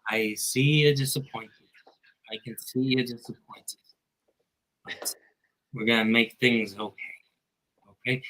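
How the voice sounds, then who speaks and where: A man putting on a soothing, patronizing voice to calm down a disappointed friend. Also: mid-range voice, a little slow, pauses often, rough recording. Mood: placating. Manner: placating, patronizing.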